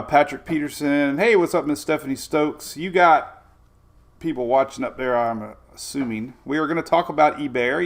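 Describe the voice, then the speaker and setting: A man's voice: mid-range voice, gravelly. A middle-aged man hosting a casual weather livestream, rambling energetically and greeting viewers by name.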